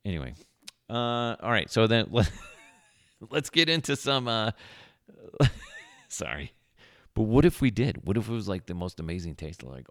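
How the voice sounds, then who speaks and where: A man's voice: lowish voice, big pitch swings, a little slow, vocal fry, pauses often, dry recording, clean studio sound. A man hosting a podcast, telling rambling stories with crude jokes in a casual, offhand way. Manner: jokey, rambling, crude humor, frequent fillers. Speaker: podcast host. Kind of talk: casual rambling storytelling monologue.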